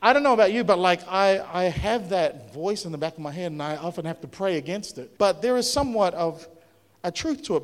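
A man preaching a sermon as a pastor, in a lively, conversational way, often asking his audience questions. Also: sits high, long reverb tail. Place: church hall.

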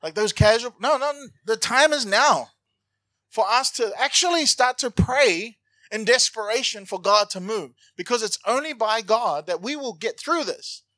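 A man preaching a sermon, animated and joking, swinging from loud to hushed. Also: very high voice, normal speed, no room sound. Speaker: pastor.

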